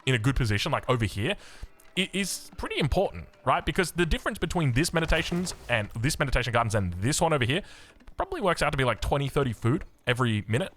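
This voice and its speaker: Lively fast-talking Australian man casting. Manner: chatty, rambling asides, lively swings in pitch. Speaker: game caster. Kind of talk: energetic esports commentary.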